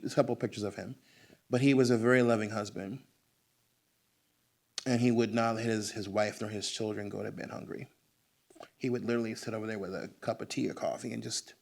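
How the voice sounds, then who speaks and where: An American man giving a book talk in a bookstore, telling family stories to an audience and acting out the voices of his relatives. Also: medium pitch. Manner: animated, acts out family voices. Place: bookstore event room.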